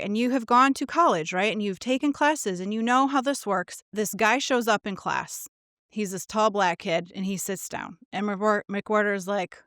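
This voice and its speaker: A woman's voice: mid-range voice, fairly bright tone, dry recording, studio quality. A middle-aged woman co-hosting a podcast, telling a story in casual chat and acting out the quotes with swearing. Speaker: podcast co-host.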